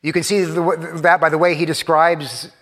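A middle-aged male pastor gives a relaxed, conversational sermon. His voice sits a little higher than most men's. He often stumbles into restarts and breaks into short chuckles. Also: moderate pace, in a large hall. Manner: conversational and self-deprecating, frequent restarts and chuckles.

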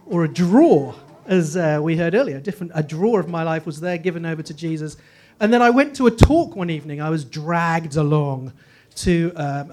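Self-deprecating posh Englishman, high voice. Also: darkish tone. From Northeast England. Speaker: guest speaker. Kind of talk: humorous personal testimony.

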